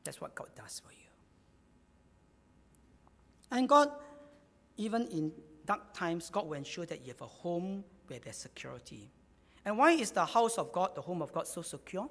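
A man's voice: high voice, sing-song, moderate pace, a bit bright, long reverb tail. A man preaching a sermon, repeating key phrases for emphasis.

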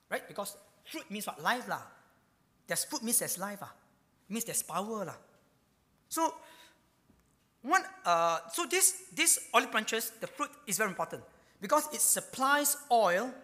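A man's voice: sits high, big-room sound. A man preaching a sermon, asking rhetorical questions and telling stories with many fillers. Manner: animated storytelling, rhetorical questions, frequent fillers.

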